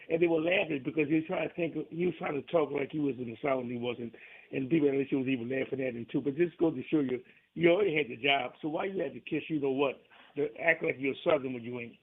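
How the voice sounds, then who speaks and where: A man's voice: medium pitch, fast, husky, no room sound. A man from New Orleans with a New Orleans accent, calling into a radio show and talking in a rambling, folksy way with many restarts. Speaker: caller. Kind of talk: call-in radio chat. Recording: tinny phone line.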